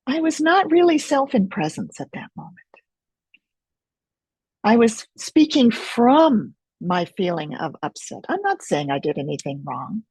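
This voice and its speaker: A middle-aged woman leading an experiential teaching webinar in a gentle, reflective way, pausing often, over a video call mic. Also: on the high side, slightly rough, no room sound. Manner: gentle, reflective, unhurried with pauses. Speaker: Focusing teacher.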